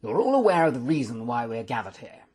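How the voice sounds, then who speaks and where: A man reading the part of a stern lordship who chairs a secret council, speaking with gruff authority and a husky voice. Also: mid-range voice, big pitch swings, quick pace, a little mellow. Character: stern elderly male lordship, commanding.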